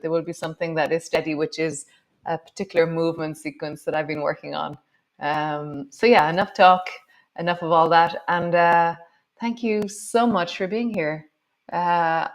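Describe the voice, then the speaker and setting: A woman teaching a guided yoga and meditation class, chatty and rambling with many fillers, her voice slightly wobbly. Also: fairly low pitch. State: voice slightly wobbly from strong scent.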